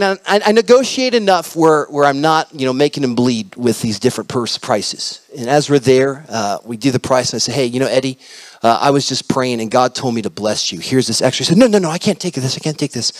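A male pastor preaching, telling a story with animated quoted dialogue and rising to loud proclamations. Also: mid-range voice, a little fast, dry recording. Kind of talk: sermon storytelling.

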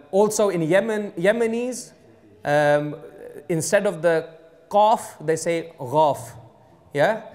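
Male imam, London accent, pitched a bit high; chatty teaching sermon that often checks in with the room. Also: darkish tone. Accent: London English. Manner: conversational teaching, frequent "okay?" checks with the audience; switches into Urdu and Arabic phrases. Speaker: imam giving a mosque talk. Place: mosque hall.

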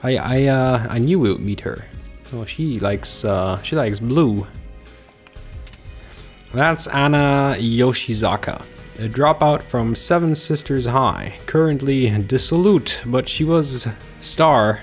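Guy rambling through a game, lots of uh's, mid pitch, faint music behind. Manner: halting, with many uh fillers, reads game text aloud. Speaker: let's play gamer. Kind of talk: casual game commentary.

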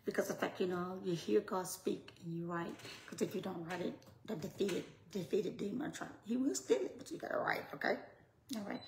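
A woman ministry leader talking casually to her followers, swinging between hushed, whispery asides and loud, laughing outbursts. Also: fairly low pitch, a little fast. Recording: roomy with faint noise.

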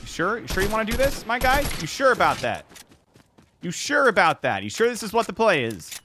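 An excitable man reacts out loud while he plays, his high voice leaping all over the place. He curses freely as he comments on the match, with loud video game gunfire and clicks behind him. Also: fairly quick, background noise. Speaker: gaming YouTuber. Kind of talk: live gameplay commentary.

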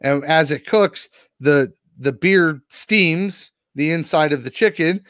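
A man co-hosting a podcast, telling a long rambling story full of swearing. He is sore and worn out after a rough day. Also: a little high, takes it slowly, fairly bright tone, dry recording, studio quality. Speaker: podcast co-host. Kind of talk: casual podcast chat.

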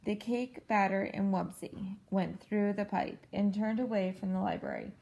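A woman's voice: medium pitch, fairly even intonation, normal speed, dark tone, rough recording. Woman reading a picture book aloud. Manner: clear, patient storytelling delivery. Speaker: parent reading to a child. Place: at home.

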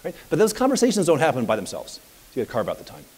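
Fast-talking man in a reverberant room. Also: on the high side, slight background noise. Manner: energetic, conversational, anecdotal. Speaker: property management business coach. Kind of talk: live seminar talk with audience questions.

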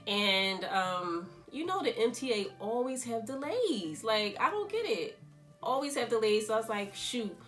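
A young woman, a fashion designer telling a story in a casual, animated vlog. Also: fairly high pitch, a little slow, faint music behind. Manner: animated, chatty storytelling full of quoted asides.

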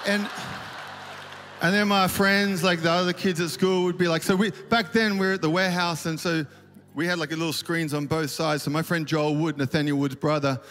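A man speaking at a church conference, a worship leader, talks briskly in a slightly high, bright voice with fairly even intonation. His rambling talk is packed with fillers and jokes at his own expense. The recording has a little hiss or hum, hall reverb, and faint ambience from the big auditorium stage.

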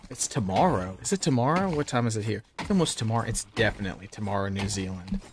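A man's voice: fairly low pitch, fast, background noise. A man in his thirties with a Southern American accent, chatting casually to viewers while narrating his gameplay. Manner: chatty, talks to himself and to chat while playing. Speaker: game streamer. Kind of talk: live gameplay commentary.

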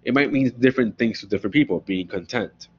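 A man's voice: on the low side, quick pace, husky. A man giving a philosophy lecture in a conversational way, often checking in with "right?" as he explains ideas. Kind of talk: recorded classroom lecture. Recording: dull, lo-fi lecture recording.

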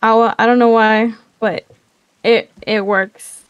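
A woman playing a survival game with friends, matter-of-fact with quick reactions. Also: on the high side, little pitch movement, clear, resonant tone, dry recording, dull audio. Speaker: co-op player. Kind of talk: casual gameplay chat.

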